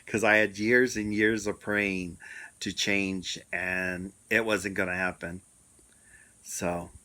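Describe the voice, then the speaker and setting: A middle-aged man with a fairly low voice recounts a personal story at a slow, deliberate pace. His telling is reflective, with many pauses and fillers. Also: sharp tone. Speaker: storyteller sharing a personal experience.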